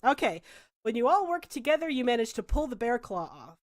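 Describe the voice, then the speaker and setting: A woman's voice: fairly high pitch, sing-song, fairly quick, slight background noise. A woman narrating as game master in a tabletop game, chatty and full of "uh"s. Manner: chatty, hesitant with fillers.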